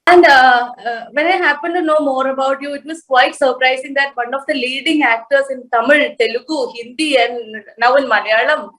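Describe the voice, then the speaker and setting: A woman's voice: high-pitched, moderate pace, hardly any pauses, fairly bright tone, rough recording. A woman hosting an interview, bubbly and teasing, giggling often between questions. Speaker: interview host.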